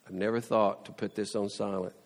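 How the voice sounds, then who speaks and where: A man preaching a sermon, telling the story with lively, playful asides and mock sarcasm. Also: lowish voice, a little fast, big-room sound.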